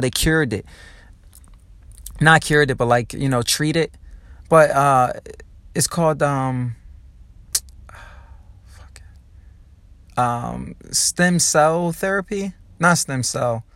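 A young man from New Jersey hosting his own podcast, ranting in a profane, rambling and excitable way. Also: on the high side, takes it slowly, pauses often, dry recording. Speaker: podcast host. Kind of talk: casual podcast monologue.

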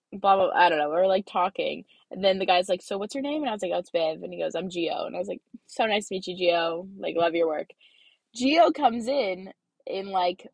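A woman's voice: mid-range voice, gravelly, husky, no room sound. Chatty young woman rambling with fillers. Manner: rambling, filler-heavy, lively storytelling. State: congested. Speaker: student vlogger. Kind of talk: casual chatty vlog.

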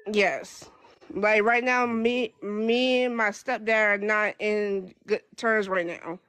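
Stuttering young woman, halting speech. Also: medium pitch, fairly even intonation, a bit bright, clear, resonant tone, no echo. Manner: stutters, halting, many restarts. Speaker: guest. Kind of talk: casual chat.

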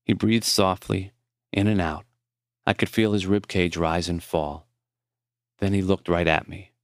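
A man reading his own memoir as audiobook narration, measured and tender. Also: sits low, flat delivery, no room sound, clean studio sound.

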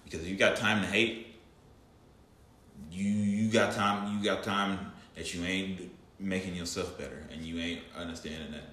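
Deep voiced guy, bright edge, blunt and cussing, co-hosting a podcast. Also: fairly even intonation, moderate pace, roomy sound, a little hiss or hum. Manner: blunt, emphatic, swears freely. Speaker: podcast co-host. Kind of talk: casual chat.

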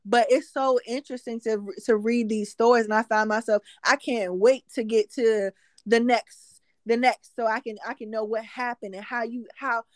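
A woman chatting casually about faith, telling animated stories with lots of restarts. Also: a little high, moderate pace, no room sound, clean studio sound. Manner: animated storytelling, restarts, Southern Black vernacular phrasing.

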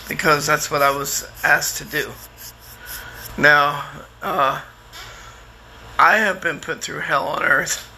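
A middle-aged man with a very bright, ringing tone and a gravelly edge, pitched a bit high for a man. He talks plainly and candidly, rambling through his story with restarts and fillers. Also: a little hiss or hum. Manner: candid and plainspoken, sometimes swears. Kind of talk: casual personal storytelling.

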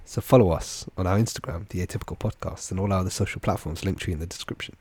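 A man co-hosting a podcast in relaxed, jokey chat, audibly stuffy and congested from a cold. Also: deep voice, quick pace, slightly rough, no echo. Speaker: podcast co-host. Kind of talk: casual chat.

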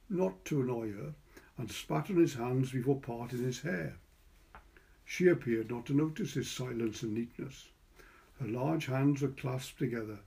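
Mellow-toned Welsh male storyteller. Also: medium pitch, gravelly. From Wales. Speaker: audiobook reader. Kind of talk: scripted narration.

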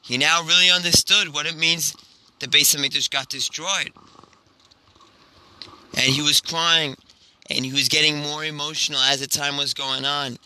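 Bright-voiced animated rabbi storyteller. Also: male voice, fairly high pitch, normal speed, poor audio. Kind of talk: inspirational storytelling.

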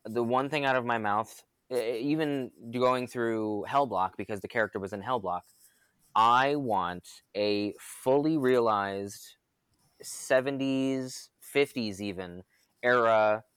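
A man's voice: medium pitch, a bit bright, smooth, dry recording. A man co-hosting a casual podcast chat, enthusiastic and long-winded, full of fillers and restarts. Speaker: podcast co-host.

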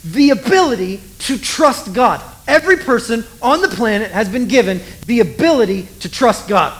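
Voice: medium pitch, lively intonation, normal speed, fairly bright tone, rough recording. A preacher giving a conversational sermon, retelling a scripture story with humor and poking fun at their own faith. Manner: conversational, self-deprecating, storytelling.

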